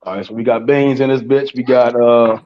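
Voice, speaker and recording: A man's voice: medium pitch, steady tone, a little fast, dull audio. A man with a Baltimore accent hosting a casual group chat, loose and laughing, with profane banter.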